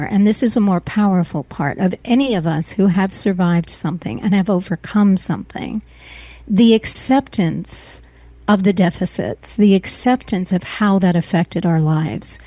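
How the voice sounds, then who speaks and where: A middle-aged woman as an interview guest, speaking earnestly and emotionally, often pausing and restarting her sentences. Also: medium pitch, mellow, no room sound. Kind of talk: personal interview.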